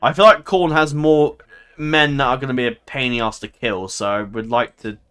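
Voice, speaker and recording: A man talks through a strategy game in a loose, chatty way. He laughs often and keeps second-guessing his own calls. His voice sits at an ordinary middle pitch. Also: fairly even intonation, moderate pace, a bit bright, clear, resonant tone. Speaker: gameplay commentator. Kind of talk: casual game commentary.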